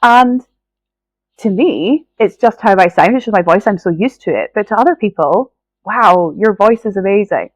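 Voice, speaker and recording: A woman's voice: medium pitch, animated, normal speed, darkish tone, no room sound, dull audio. A woman with a Scottish accent hosting a solo podcast, sounding nasal from a cold, earnest and encouraging as she talks straight to the listener. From Scotland. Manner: earnest, encouraging, addresses listener directly with frequent "right?". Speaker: podcast host.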